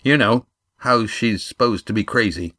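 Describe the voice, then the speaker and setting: A man reading a storybook, voicing a cheeky young lad who stowed away on a fishing boat and talks in a casual, rough way. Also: fairly low pitch, normal speed, bright, forceful tone. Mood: explaining.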